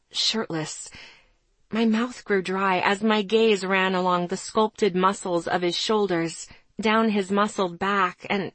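A woman reading a first-person story aloud in a soft, intimate, low-key way. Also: no echo. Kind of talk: first-person audiobook narration.

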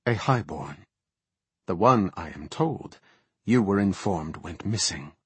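A man's voice: low-pitched, expressive, slow pace, a bit bright, breathy edge, no room sound, full character voice. A man voicing a dour, stern female elf warden who speaks curtly and bluntly in an audiobook.

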